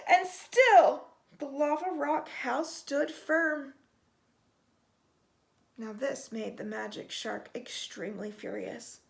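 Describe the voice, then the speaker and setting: A woman reading a children's picture book aloud, expressive and stretching out the sound words. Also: sits high, slow, creaky. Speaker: storytime reader.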